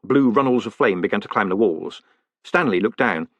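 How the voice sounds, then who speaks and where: A man reading a fantasy novel aloud as an audiobook, with expressive, wry storytelling. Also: lowish voice, moderate pace, no echo. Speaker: audiobook narrator. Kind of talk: audiobook narration.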